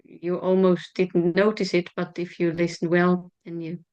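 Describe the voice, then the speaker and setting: A woman giving feedback in a training group, thoughtful and pausing to search for her words. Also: lowish voice, flat delivery, a little mellow, dull audio. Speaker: course participant.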